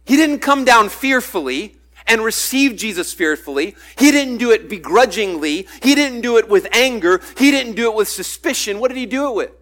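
A man's voice: extremely high pitch, expressive, normal speed, a bit bright. A man preaching a sermon in a conversational way, acting out the voices he quotes. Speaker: pastor.

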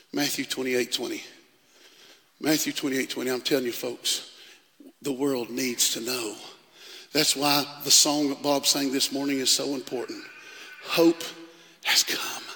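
A male pastor preaching a sermon in a church, swinging from loud declarations to hushed tones. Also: medium pitch, level tone, normal speed. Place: church sanctuary. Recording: long reverb of a large hall.

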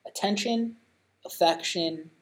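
A man's voice: sits high, slow pace, fairly bright tone, low-quality recording. A man in his thirties, co-hosting a casual chat, talking earnestly with many restarts and lifting his voice on key points. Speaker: podcast co-host giving parenting tips.

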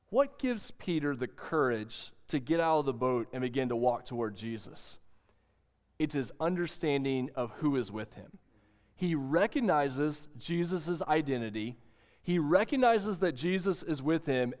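An earnest male pastor delivers a sermon with a slightly raised pitch. He slows for soft emphasis, then presses with urgency. His voice carries a long reverb from a church hall.

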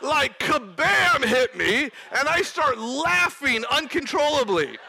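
A young male preacher shares a personal story from the pulpit with animated, lively delivery, now and then breaking into shouts. His voice sits unusually high and rings with a sharp, bright edge. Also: slow, creaky. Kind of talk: sermon testimony.

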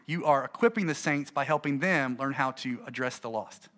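A middle-aged man, a pastor, gives an animated, conversational talk to fellow preachers and acts out his stories. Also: mid-range voice, normal speed.

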